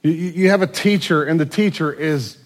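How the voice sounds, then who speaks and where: A man's voice: a little high, a little fast. Man preaching in a casual, conversational way. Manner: conversational preaching with acted-out quotes and restarts. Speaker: pastor. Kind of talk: sermon.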